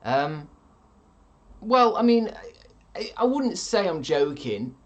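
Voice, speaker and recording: A man in his thirties, a streamer chatting casually and reading out viewer comments in a deadpan, sardonic way with plenty of swearing. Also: high voice, slow pace, dull audio.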